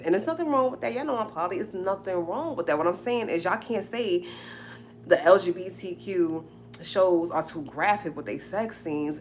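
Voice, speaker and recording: A woman's voice: lowish voice, slight background noise. A woman hosting a live stream, talking straight to her viewers in an emphatic, repetitive way.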